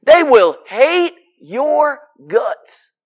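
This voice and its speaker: A man's voice: very high voice, very animated, drawn-out words. A man preaching a sermon to a congregation in an emphatic, folksy way, piling up lists and asking rhetorical questions.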